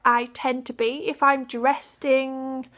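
A woman's voice: high-pitched, little pitch movement, takes it slowly, a bit bright. A young woman from Hull with a Yorkshire accent, chatting in a giggly, rambling vlog. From Yorkshire, England. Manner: giggly and rambling, many fillers. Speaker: cosplayer and vlogger. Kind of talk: casual vlog chat.

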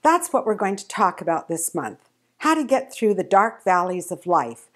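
An older woman sharing a gentle, earnest personal devotional testimony, slowing down for emphasis. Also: medium pitch, sing-song. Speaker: devotional speaker.

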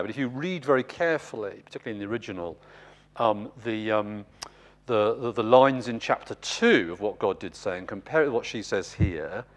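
A man teaching a seminar on scripture with a lively, animated voice that swings up and down as he makes his points. He explains with emphasis and often turns to address his listeners directly. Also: mid-range voice. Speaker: seminar speaker.

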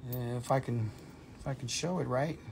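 A man's voice: mid-range voice, normal speed, vocal fry, a little mellow, slight background noise. A man hosting a live sale stream from a phone indoors, chatty and playful as he rattles off prices. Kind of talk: casual live-stream selling. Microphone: phone camera.

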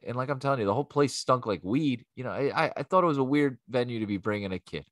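A man's voice: mid-range voice, fast, no echo, studio quality. A man, telling a profane comic story and acting out the voices of people in it. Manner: animated, swearing, acts out quoted voices. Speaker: comedian host.

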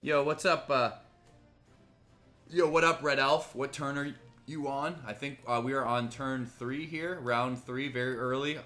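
A man streaming a strategy game live, ranting angrily with heavy swearing, swinging between loud outbursts and low muttering. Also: steady tone, unhurried, soft background music. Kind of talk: live gaming commentary.

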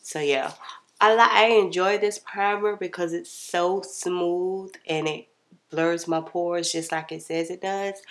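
A woman with a stuffy, congested voice chatting casually to her viewers while she narrates a makeup tutorial voiceover. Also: low-pitched. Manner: chatty, relaxed, addresses viewers as y'all. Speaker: beauty vlogger.

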